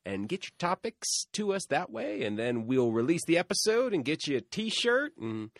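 Laid-back, lively male podcast co-host. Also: on the high side, moderate pace, no room sound, studio quality. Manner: laid-back, jokey, reads show plugs. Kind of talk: casual studio chat. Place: recording studio. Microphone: studio microphone.

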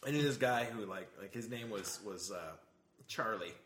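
A man's voice: lowish voice, normal speed, heavy background noise. A man co-hosting a podcast in casual chat, joking and rambling with lots of fillers. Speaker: podcast co-host. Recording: roomy echo.

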